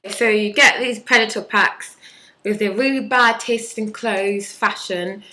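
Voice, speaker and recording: A woman's voice: mid-range voice, fairly even intonation, unhurried, sharp tone, rough recording. A woman in her twenties chatting bluntly and sarcastically in a casual vlog, with mocking impressions. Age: 20s. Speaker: vlogger.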